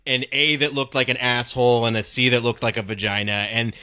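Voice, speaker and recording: A man co-hosting a casual comedy podcast, explaining things in a quick, wry way. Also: medium pitch, little pitch movement, pushed and bright, no room sound. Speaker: podcast co-host.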